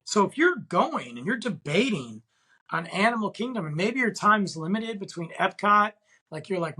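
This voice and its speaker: Man in his thirties, solo podcast host, raspy tone, eager and loose delivery. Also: high-pitched, pushed and bright. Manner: enthusiastic, rambling, slangy. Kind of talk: casual podcast monologue.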